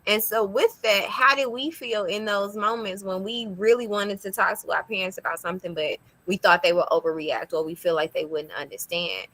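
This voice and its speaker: A woman's voice: mid-range voice, moderate pace, few pauses, fairly bright tone, poor audio. A young woman hosting a casual discussion, speaking in an earnest, conversational way as a parent. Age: young adult.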